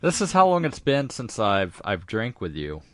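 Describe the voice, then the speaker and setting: A man's voice: on the low side, wildly swooping pitch, moderate pace, a bit bright, no echo. Wry, joking podcast co-host man. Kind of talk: casual chat.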